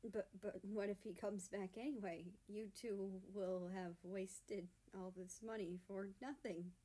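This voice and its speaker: A woman voicing a fragile, frightened man in an audiobook story, his voice hoarse and tearful. He stammers quietly and slowly, shrinking from every word. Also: medium pitch, fairly even intonation, close to an everyday voice. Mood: anxious.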